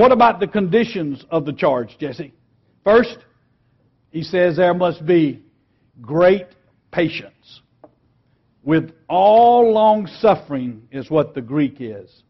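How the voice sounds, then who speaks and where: A man teaching a lesson on preaching, emphatic and earnest, slowing down and dropping quiet on key words. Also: high-pitched, breathy edge, muffled recording. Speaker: preaching instructor.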